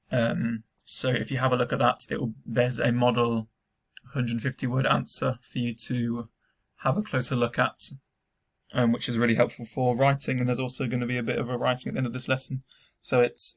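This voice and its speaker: A man teaching a recorded remote Spanish lesson to school students, explaining step by step with frequent ums. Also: mid-range voice.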